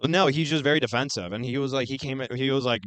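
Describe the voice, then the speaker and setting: A young man hosting a podcast, telling a story in an animated, profane rant. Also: medium pitch, fast talker, dry recording. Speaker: podcast host. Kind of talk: casual storytelling chat.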